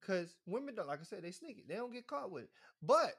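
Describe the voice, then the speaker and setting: Podcast co-host telling stories, animated, does high voices for quotes. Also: male voice, fast, vocal fry. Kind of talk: casual storytelling chat.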